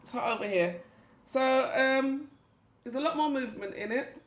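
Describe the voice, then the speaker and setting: A British woman vlogger with a cold gives a casual hair update from home, rambling and saying "um" a lot. Her voice sits high and moves at a moderate pace. The room sounds roomy.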